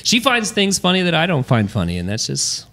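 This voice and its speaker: A man with a bright, clear voice trades jokes and stories on a podcast. He speaks with lively ups and downs in pitch and a playful, joking manner. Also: a little fast. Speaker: podcast co-host. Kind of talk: casual chat.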